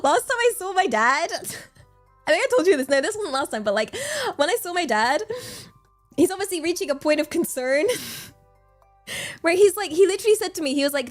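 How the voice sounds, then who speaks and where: A woman's voice: sits high, sing-song, normal speed, long pauses, soft background music. A young woman from England, streaming casual chat and telling a rambling story full of fillers and laughs.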